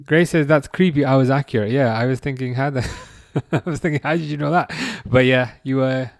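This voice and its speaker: A man in his thirties hosting a live football watchalong, chatting casually and reading out comments, with a halting, restarting way of talking. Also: medium pitch, no room sound, studio quality. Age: 30s. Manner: halting, many restarts, chuckles often.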